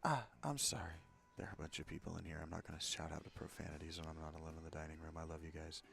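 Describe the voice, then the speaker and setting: A man giving casual, joking commentary over a video game in quick, quiet asides. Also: very deep voice, completely flat delivery, creaky, faint music behind. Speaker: gameplay commentator.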